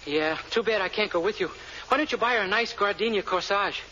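A brash wisecracking impostor. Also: male voice, high-pitched, brisk, bright, forceful tone, slight background noise. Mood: flippant. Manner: breezy, flippant wisecracks. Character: brash wisecracking man posing as a businessman. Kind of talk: 1940s radio comedy acting. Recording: dull old radio broadcast.

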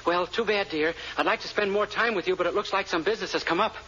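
A man's voice: high-pitched, quick pace, pushed and bright, husky, full character voice. An actor playing a brash, flippant man who poses as a businessman, in 1940s radio comedy style. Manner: breezy, flippant wisecracks. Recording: dull old radio broadcast.

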